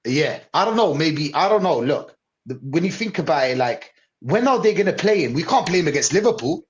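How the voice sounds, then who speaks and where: A man's voice: on the high side, very animated, brisk, highs cut off. A man in casual football banter who laughs often and keeps pressing his point.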